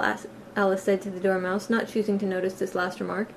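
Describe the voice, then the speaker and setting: Lady reading a storybook aloud, steady and plain, mid pitch, faint hiss behind. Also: fast talker. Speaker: audiobook reader. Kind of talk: storybook narration.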